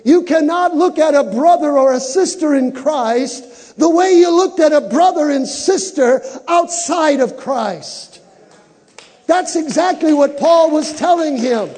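A man preaching from the pulpit with a very high, mellow voice. He builds his lines to shouts and has the congregation repeat them back. His words ring through the long reverb of a big church hall. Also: animated, slow. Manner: preaching with rising shouts and call-and-response. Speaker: pastor. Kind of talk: sermon. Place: church sanctuary.

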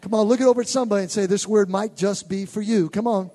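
A man's voice: sits high, fairly even intonation, fast, warm tone, no room sound. A man as host pastor introducing a guest preacher, rousing and urging the congregation. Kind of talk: sermon introduction.

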